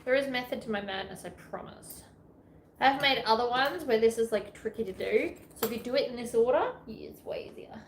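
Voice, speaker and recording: Australian woman, sewing vlogger, higher voice, chatty and self-mocking, echoey room. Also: fairly quick. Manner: chatty, self-deprecating, rambling asides. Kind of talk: casual sewing tutorial chat. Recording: echoey room with faint ambient noise.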